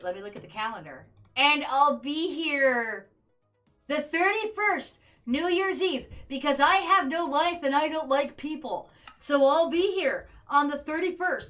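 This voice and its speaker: A woman's voice: high voice, fairly bright tone. A woman streaming a game and chatting casually with her viewers, joking as she plays. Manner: chatty, joking asides to chat. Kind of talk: casual gameplay livestream chat.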